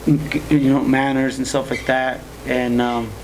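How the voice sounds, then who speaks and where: A man's voice: mid-range voice, level tone, slow pace, gravelly, a little hiss or hum, rough recording. A man talking as a podcast guest in casual chat, easygoing and laughing often.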